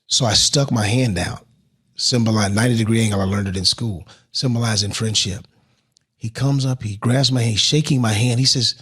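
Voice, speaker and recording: A middle-aged man, a guest in an interview, telling his life story with lively swells and sudden quiet drops. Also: fairly low pitch, brisk, breathy edge. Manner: animated storyteller who drops to a hush at emotional moments. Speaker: interview guest, motivational speaker.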